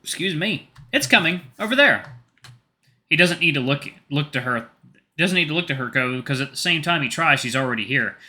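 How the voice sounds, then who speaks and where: A man's voice: medium pitch, fairly quick, bright, forceful tone. A man narrating a visual novel in the first person, reading plainly with small slips and restarts.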